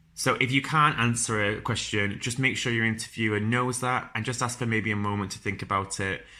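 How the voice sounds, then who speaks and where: Offering laid-back careers tips on his podcast, a young man with a thick Northern English accent rambles informally, often saying um and restarting sentences. He speaks with a fairly low, pushed and bright voice.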